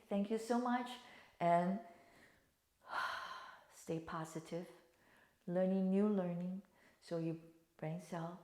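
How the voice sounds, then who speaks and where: A woman's voice: fairly low pitch, steady tone, takes it slowly, long pauses, a little mellow. A woman wellness instructor leading a guided stretching class, calling out breath cues and checking in with "right?". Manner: chatty coaching with breath cues and frequent "right?". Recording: roomy echo.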